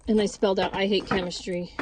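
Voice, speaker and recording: A woman's voice: mid-range voice, level tone, fast talker, noisy background. A woman vlogger telling a rambling casual story with many restarts and asides while she does chores outdoors on a farm. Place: outdoors at a farm with goats and chickens.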